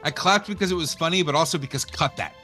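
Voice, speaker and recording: A man's voice: a little high, pushed and bright, soft background music. A man from the American South, co-hosting a casual gameplay chat, joking and swearing freely. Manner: joking, profane, quick to laugh. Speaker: co-host.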